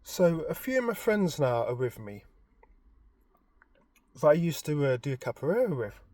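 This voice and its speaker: Man vlogger, lively storyteller, very expressive pitch, dry sound. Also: a little slow, no room sound. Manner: animated, expressive retelling. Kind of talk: casual storytelling.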